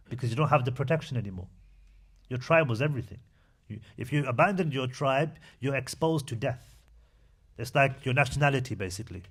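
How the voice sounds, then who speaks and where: A man giving a mosque lecture, retelling history in a conversational storytelling manner with frequent fillers. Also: mid-range voice. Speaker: imam giving a talk.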